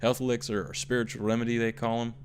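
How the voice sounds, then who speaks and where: A man's voice: medium pitch, flat delivery, slight background noise, natural voice. A man voicing a male slum gang member, telling the tale with a put-on Southern drawl as he reads an in-game note aloud. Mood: storytelling. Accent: slipping into a put-on American Southern drawl. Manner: unhurried storytelling read-aloud. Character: male slum gang member recounting his boss's rise.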